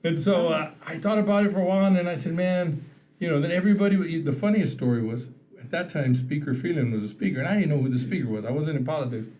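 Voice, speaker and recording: A man from Texas, a podcast guest, telling lively stories in casual conversation and acting out the people he quotes. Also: on the high side, fast. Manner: animated storyteller, acts out quoted phone calls with laughter. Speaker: podcast guest, state representative. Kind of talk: casual storytelling interview.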